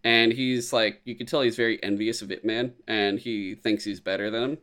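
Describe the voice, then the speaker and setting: This podcaster talks through movies casually and animatedly at a moderate pace in a lowish voice. He's profane and acts out quotes in goofy voices.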